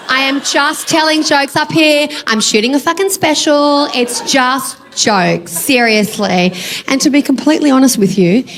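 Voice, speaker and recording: A woman's voice: high-pitched, a bit bright. A woman doing a stand-up comedy set on a club stage, teasing the audience and laughing at her own jokes. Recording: noisy club with crowd.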